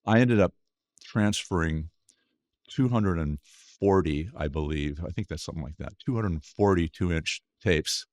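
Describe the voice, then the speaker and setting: A man guest on a podcast, talking casually and haltingly, with many restarts. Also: low-pitched, a little mellow, no room sound. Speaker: guest, music producer and engineer. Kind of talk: casual interview talk. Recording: dry close-miked studio sound.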